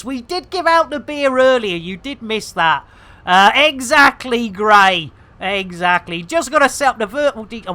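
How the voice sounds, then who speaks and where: A man's voice: extremely high pitch, bright, forceful tone. A middle-aged man with an English accent chatting casually and animatedly while streaming, swearing freely and ranting. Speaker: game streamer.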